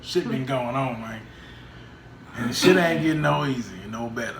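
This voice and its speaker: A man's voice: mid-range voice, normal speed. A man co-hosting a casual mukbang vlog, talking in laid-back slang and leading a short prayer. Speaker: vlog co-host. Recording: echoey room with crowd noise.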